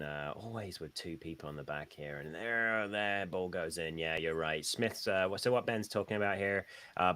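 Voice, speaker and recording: A man giving laid-back, measured play-by-play on a football match as co-host of a fan live stream. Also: extremely low pitch, a bit bright, slight background noise. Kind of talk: casual live match commentary.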